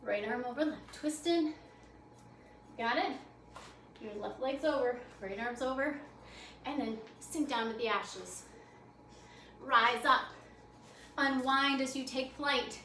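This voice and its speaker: Leading yoga in a library program room, a woman with a high, pushed and bright voice calls out quick, upbeat, encouraging cues, a touch breathless from moving. She's picked up from afar in an echoey room over a faint background hum.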